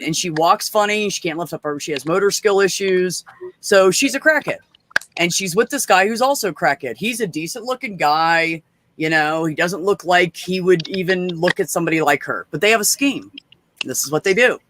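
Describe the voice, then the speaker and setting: A man's voice: high voice, animated, normal speed, background noise. A man in casual chat, telling stories bluntly with plenty of swearing. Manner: blunt, profane storyteller.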